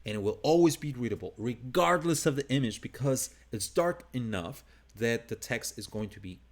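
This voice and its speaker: Brief: accented male instructor, live screen-share lesson, relaxed and upbeat, mid pitch, restarts sentences. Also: moderate pace. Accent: non-native English. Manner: casual, upbeat, thinking aloud with restarts. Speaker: design instructor.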